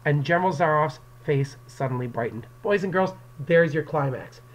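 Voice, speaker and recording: The poor audio captures a man on the higher side with lively intonation and a normal pace. He's an English teacher recording a lecture on an external microphone, explaining the story to his students and voicing quotes from it.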